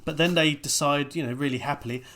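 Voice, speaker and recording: A man's voice: a little high, fairly even intonation, quick pace, pushed and bright. A man, co-hosting a casual film chat with dry, wry asides. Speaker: podcast co-host.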